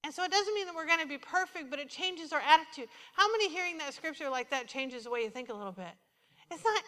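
Woman preacher, high and bright, lively storytelling sermon, church hall reverb. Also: a little fast. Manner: animated storytelling, quoting herself and others. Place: church sanctuary.

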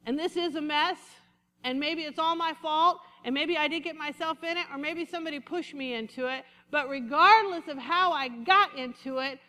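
A woman preaches with lively energy, dropping low and slowing down for quoted lines and then climbing back up. Her voice sits high and sounds bright and sharp. A long reverb trails each phrase, as if she speaks in a large hall. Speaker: pastor. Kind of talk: sermon.

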